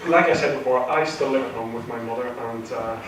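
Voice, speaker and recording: A man speaks fairly quickly in a medium-pitched voice during his first stand-up comedy set in a theatre, with a live audience present. His delivery is nervous and rambling, packed with fillers and restarts. The audio is very noisy, picked up from a distance in an echoey hall.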